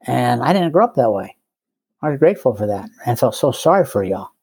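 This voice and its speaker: A man's voice: mid-range voice, big pitch swings, a little fast, vocal fry, a little mellow, breathy edge, no echo. An older man, a guest, telling his recovery story in a conversational way, with wry self-mocking humor and frequent chuckles.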